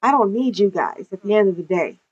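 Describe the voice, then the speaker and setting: A woman's voice: mid-range voice, expressive, fairly quick, a little mellow, slightly rough, lo-fi sound. A woman voicing a hot-headed young male gangster bent on revenge, blunt and swearing hard in a game playthrough. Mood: angry.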